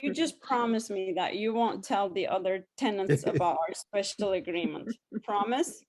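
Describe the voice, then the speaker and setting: A woman voicing a warm middle-aged landlady with a Southern drawl who calls people hon. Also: mid-range voice, normal speed, close to an everyday voice. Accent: Southern US put on.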